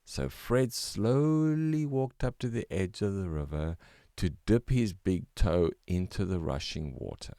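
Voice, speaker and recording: An older man narrating a children's story in a gentle, expressive read-aloud manner. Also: low voice, unhurried, dry recording, studio quality.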